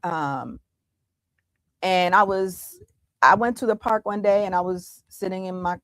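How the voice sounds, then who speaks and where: A woman's voice: fairly low pitch, a little slow, fairly bright tone, no echo. A middle-aged woman from the United States, a business owner giving an interview and retelling her past dramatically, with frequent restarts. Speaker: guest entrepreneur. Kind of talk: candid interview storytelling.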